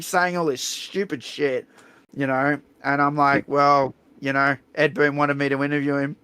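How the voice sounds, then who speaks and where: An Australian man hosting a stream, telling a story in a blunt, profane, animated way. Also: medium pitch, moderate pace, clear, resonant tone, no echo. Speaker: streamer host. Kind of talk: casual storytelling chat.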